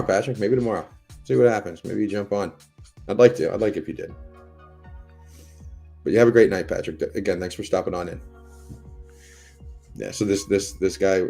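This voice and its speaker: A middle-aged American man with a low, deep voice chats loosely to his stream audience. He wanders from story to story and swears freely, while faint music plays under him. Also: warm tone. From United States. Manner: rambling, profane, chatty storytelling. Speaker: livestream host. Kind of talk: casual chat to a live audience.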